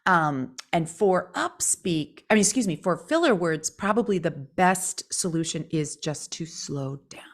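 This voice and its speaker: On a casual podcast she co-hosts, a California woman who works as a voice coach speaks expressively, using intonation to show what she's explaining. Her voice sits on the low side, and she talks unhurriedly with hardly any pauses.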